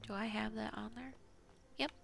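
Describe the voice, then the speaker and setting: A woman's voice: on the high side, fairly even intonation, moderate pace, creaky, a bit bright. A woman casually talking to herself as she plays a video game, chatty and self-mocking. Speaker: gaming channel host. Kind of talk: casual gameplay commentary.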